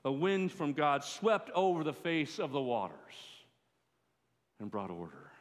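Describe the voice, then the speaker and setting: A man preaching a sermon as pastor, in a measured way that rises for pleas. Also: medium pitch, very animated. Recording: long hall reverb.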